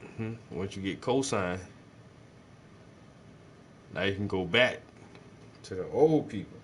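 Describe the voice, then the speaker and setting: A man's voice: lowish voice, takes it slowly, a bit bright, slight background noise. A man, chatting casually and profanely while he paints, joking and rambling to his viewers. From South Carolina.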